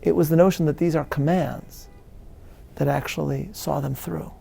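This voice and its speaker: Answering questions at a live interview, the rabbi delivers an earnest, measured lecture full of emphatic stresses and repeated restarts. His pitch is fairly high and his intonation fairly even, and the warm, creaky voice carries a breathy edge.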